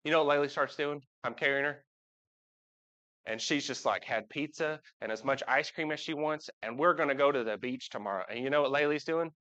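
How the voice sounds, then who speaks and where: A preacher in a church sanctuary talks fairly quickly in a pushed, bright, mid-range voice, though the recording is muffled. His sermon is casual and folksy, and he frequently turns to the congregation with questions.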